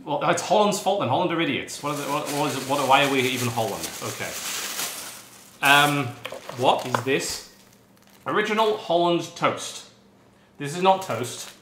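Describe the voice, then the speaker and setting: A man's voice: fairly high pitch, expressive, moderate pace, pauses often, background noise. Sarcastic grumbling man, roomy sound. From United Kingdom. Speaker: snack taster. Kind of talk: casual chat.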